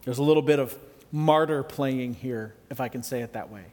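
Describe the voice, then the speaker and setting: A man preaching a sermon in a conversational, reflective way with gentle humor. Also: medium pitch, normal speed, big-room sound. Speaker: pastor.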